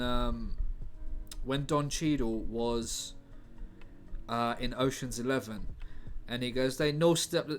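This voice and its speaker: A man's voice: medium pitch, fairly bright tone. A young man chatting casually on a live stream, joking with his chat as he types. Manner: chatty and jokey, banters with chat. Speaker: streamer writing a film script live. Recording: faint music behind.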